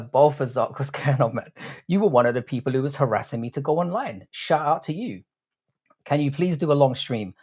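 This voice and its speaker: A man, hosting a livestream from a room at home, casually chatting and bantering with his viewers, swearing freely. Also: mid-range voice. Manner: laid-back, swears freely, banters with chat. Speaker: livestream host.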